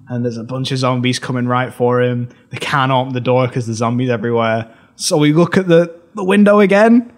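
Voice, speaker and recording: A British man co-hosting a film podcast, recapping scenes in a rambling casual way, laughing often and restarting his sentences. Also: mid-range voice.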